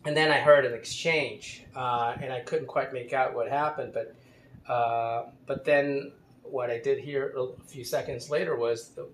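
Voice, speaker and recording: A man telling a casual anecdote in a rambling, hesitant way, often restarting his sentences. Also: medium pitch. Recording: roomy with faint ambient noise.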